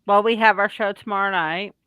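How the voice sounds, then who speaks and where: A woman joining a casual podcast chat, measured and unhurried. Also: mid-range voice, fairly even intonation, sharp tone, clear, resonant tone, dry recording.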